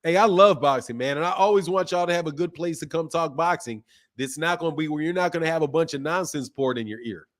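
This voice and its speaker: A fast-talking man with a slightly high voice hosts a casual boxing livestream, reading viewers' super chats in a slangy, laid-back way. He has a sore throat.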